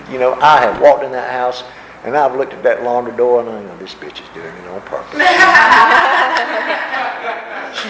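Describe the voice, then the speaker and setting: A man's voice: mid-range voice, a bit bright. Man telling a story in an echoey hall. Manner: folksy storytelling with self-mocking laughs. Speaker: workshop speaker. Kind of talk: personal recovery talk. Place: convention hall. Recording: echoey room with background noise.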